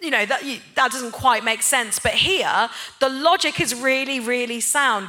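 A woman's voice: high-pitched, moderate pace, few pauses, pushed and bright. A woman giving a church sermon, speaking conversationally and personally, then building to impassioned, emphatic points. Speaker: church speaker, head of a neighbour-love ministry. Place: church gathering.

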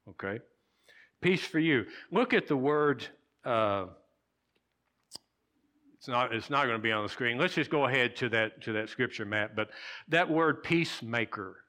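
A pastor preaching to his congregation, a man with a bright, forceful voice. He talks in a loose, conversational way, repeats his key words and keeps checking in with "okay?". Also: mid-range voice. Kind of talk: sermon.

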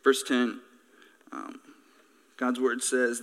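A male pastor preaching a sermon in an animated, joking, conversational way. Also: medium pitch, a little slow, pauses often, big-room sound.

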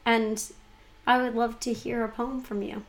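Female podcast co-host, slightly high voice, breezy and teasing. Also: flat delivery. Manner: chatty, playful, quick to tease. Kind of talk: casual chat.

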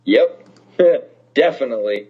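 Animated, profane guest musician, lo-fi sound. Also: male voice, medium pitch, slow pace, slightly rough. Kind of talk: casual conversation. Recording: dull lo-fi sound.

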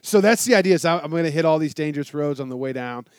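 A man's voice: on the high side, fast, clear, resonant tone, no room sound. Swearing storyteller man, dry close sound. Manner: animated storytelling, heavy swearing and "dude". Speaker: guest telling a travel story. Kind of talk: casual chat.

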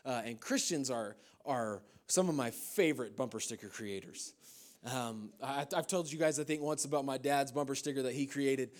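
A man's voice: medium pitch, normal speed. A man from the United States, a pastor, preaching a sermon at a church service, telling stories with humor and loose fillers.

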